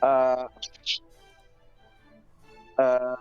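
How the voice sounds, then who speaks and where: A man's voice: medium pitch, completely flat delivery, drawn-out words, smooth, lo-fi sound, soft background music. A man player in a tabletop game, talking through rolls and hit points matter-of-factly. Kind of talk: casual tabletop chat.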